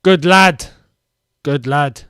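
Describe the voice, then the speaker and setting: A young man hosting a live football watchalong, reacting excitedly to play and reading viewer comments aloud. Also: on the high side, extremely slow, smooth, dry recording, studio quality. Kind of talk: live match commentary and chat.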